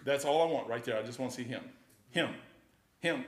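Folksy bright-voiced preacher, drawl. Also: male voice, mid-range voice, sing-song, brisk. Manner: folksy, conversational, swings from loud to quiet. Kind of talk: informal sermon.

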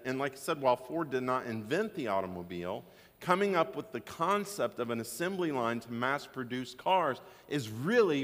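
Joking man preaching in a reverberant hall. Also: mid-range voice. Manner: storytelling, joking asides. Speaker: pastor. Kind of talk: sermon. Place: church sanctuary.

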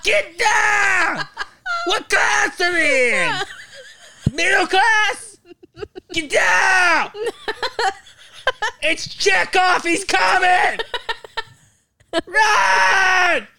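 A woman voicing a frantic, panicking middle-aged mother who yells in a shrill, drawn-out Bronx accent. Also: creaky, background noise, full character voice. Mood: panicked yelling.

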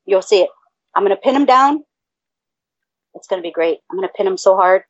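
Her mid-range voice is lively in intonation and fairly quick as she co-hosts a podcast from El Paso, Texas, cussing freely and erupting in mock-outraged outbursts during casual chat. The recording is dry and muffled.

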